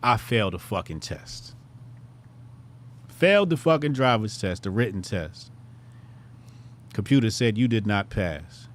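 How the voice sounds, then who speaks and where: A man in his thirties hosting his show, telling a casual story with profanity and sudden loud, excited bursts. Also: lowish voice, measured pace, long pauses. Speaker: show host.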